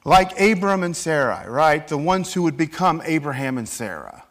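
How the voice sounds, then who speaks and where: Animated male pastor preaching. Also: fairly high pitch, moderate pace. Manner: animated, acts out scripture quotes. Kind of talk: sermon.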